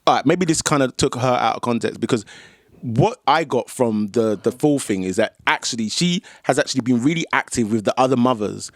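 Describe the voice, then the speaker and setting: A man's voice: mid-range voice, lively intonation, a little fast, no room sound, studio quality. A man, co-hosting a podcast and retelling a story with emphatic commentary in casual chat. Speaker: podcast co-host.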